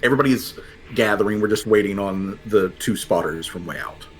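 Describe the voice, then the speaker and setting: A man's voice: fairly low pitch, fairly quick, over music. A man running a tabletop game as game master, narrating in a rambling, casual way. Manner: rambling, full of fillers and laughs.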